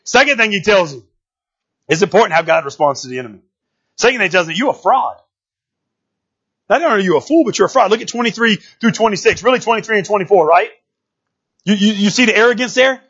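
A man preaching a sermon in an animated, conversational way, full of casual slang and quick rhetorical asides to the congregation. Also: high-pitched, husky, highs cut off.

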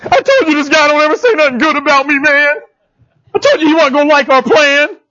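A man's voice: high-pitched, lively intonation, fast talker, a bit bright, husky, highs cut off, full character voice. A man voicing a petulant, whining male king who sulks and gives angry orders. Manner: whiny.

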